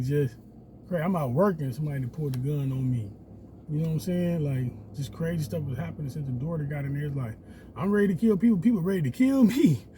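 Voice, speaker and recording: A man telling a story casually, animated and profane, acting out quotes in a raised voice. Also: a little high, slight background noise.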